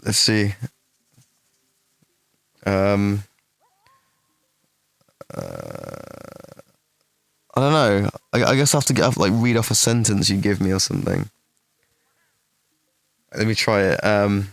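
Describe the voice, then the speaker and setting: A young English man answering chat questions on a stream in casual, rambling talk, swearing freely and putting himself down, with a fairly deep voice. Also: very animated, takes it slowly, vocal fry, pauses often, no echo. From England. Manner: rambling, swears a lot, self-deprecating.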